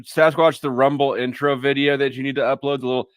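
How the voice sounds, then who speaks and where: A man's voice: medium pitch, fairly even intonation, quick pace, smooth, no echo. A man hosting a live stream, chatting and cracking crude jokes with guests over an online call. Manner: crude, laughing, joking banter. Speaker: stream host. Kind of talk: casual group chat on a live stream.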